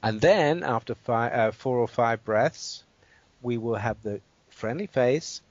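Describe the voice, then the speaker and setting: Measured, explanatory man in dull dry audio. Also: mid-range voice, a little mellow, no echo. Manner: measured and explanatory, checks in with "right?". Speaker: guest expert. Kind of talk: explaining a guided exercise.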